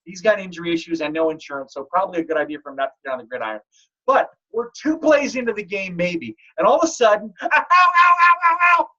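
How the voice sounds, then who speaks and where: A man hosting a fantasy football league podcast, telling stories in a joking, animated way. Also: high voice, quick pace. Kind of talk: casual podcast chat. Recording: dull lo-fi audio.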